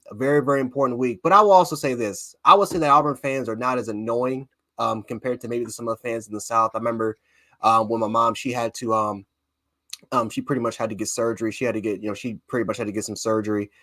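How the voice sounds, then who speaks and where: A man from Buffalo, New York, co-hosting a casual sports talk show, excitable and rambling. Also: mid-range voice, no room sound. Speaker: co-host, fan panelist.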